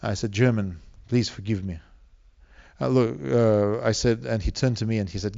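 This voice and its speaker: A man's voice: lowish voice, steady tone, normal speed, vocal fry, warm tone. Earnest male preacher, dull lo-fi sound. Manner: earnest, asks the congregation questions. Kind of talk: sermon.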